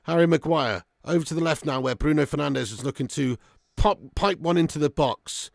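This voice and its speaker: A man runs a live football watch-along, calling the play and answering viewers. His voice sits high and carries a gravelly rasp, picked up by a close mic in a dry, dead room. He swears freely and swings from loud outbursts to flat moaning. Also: a little fast, dry recording. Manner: swears a lot, swings between excited shouting and flat grumbling. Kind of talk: live match commentary and fan chat.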